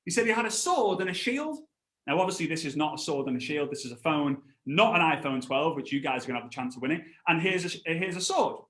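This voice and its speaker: A man in his thirties giving an animated network marketing training talk. He tells stories, acts out other voices, and breaks into laughs and shouts. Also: fairly high pitch, quick pace, echoey room, slight background noise. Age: 30s.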